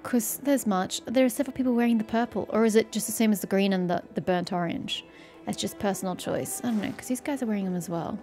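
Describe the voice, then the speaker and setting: A woman's voice: mid-range voice, quick pace, a little mellow, faint music behind. A woman hosting a game playthrough, chatting casually and musing aloud as she plays. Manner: chatty, musing, self-questioning. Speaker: let's-play host.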